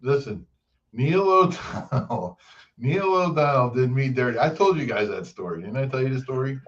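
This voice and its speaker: A man's voice: medium pitch, moderate pace. A man co-hosting a casual sports talk show, joking around and telling stories about his college days. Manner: joking, bursts into excited shouts. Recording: muffled audio with faint noise.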